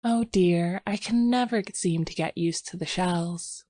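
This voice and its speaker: A woman voicing an anxious young wife in wartime Paris, her pitch raised and pleading, recorded dry and close. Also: moderate pace, a little mellow, dry recording, natural voice.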